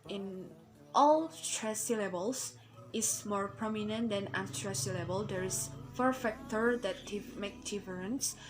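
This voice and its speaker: Slow, hesitant young woman student. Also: mid-range voice, rough recording. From Indonesia. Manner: hesitant, with many fillers and restarts. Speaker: student presenter. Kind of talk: recorded class presentation. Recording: background music.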